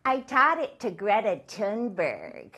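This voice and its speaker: A woman playing a breathy, airy wellness-guru celebrity. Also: mid-range voice, slow, exaggerated voice. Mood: smug. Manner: airy, self-absorbed, deadpan one-liners. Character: breezy female celebrity wellness guru, former actress. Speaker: talk show guest. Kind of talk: stand-up character comedy.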